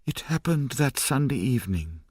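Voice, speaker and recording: A man's voice: medium pitch, sing-song, moderate pace, a little mellow, breathy edge, no room sound, clean studio sound, voice pushed up. A man voicing a sorrowful dying mother. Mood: somber. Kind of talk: audiobook character reading.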